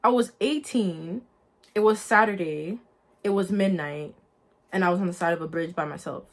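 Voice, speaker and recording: This young woman's voice sits on the low side, and she keeps a moderate pace while recounting her personal journey of faith. Talking right to her viewers, whom she calls "guys," she comes across as casual, sincere and lively.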